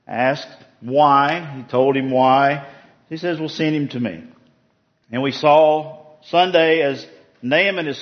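Man teaching a casual Bible study, lo-fi. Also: on the high side. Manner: conversational, asks the group questions. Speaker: preacher leading a Bible study.

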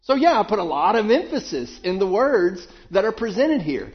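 A man preaching a Bible sermon, asking questions and dropping low to answer them. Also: sing-song, normal speed, hardly any pauses, dull audio.

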